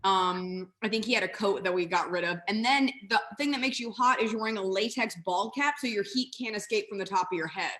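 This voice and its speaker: A woman in her thirties talks as a comedian guest on a video call. Her voice sits at an ordinary pitch. She chats in a lively, self-mocking way, full of quick asides. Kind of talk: casual interview chat.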